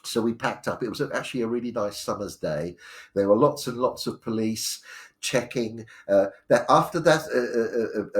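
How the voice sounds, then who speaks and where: A man, telling his life story live, rambling with many fillers and restarts. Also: fairly low pitch. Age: 60s. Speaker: storyteller sharing his memoir.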